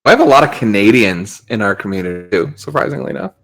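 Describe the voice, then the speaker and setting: A man's voice: lowish voice, expressive, fast talker, vocal fry, fairly bright tone. Man, casual stream banter, easygoing and agreeable, mid-range voice. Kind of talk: casual chat during a streamed game break.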